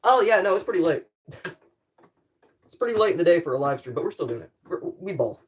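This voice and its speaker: A woman's voice: on the low side, very animated, a little fast. A young woman streamer in her bedroom, chatting casually and muttering to herself while she tinkers with a gadget. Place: bedroom at home.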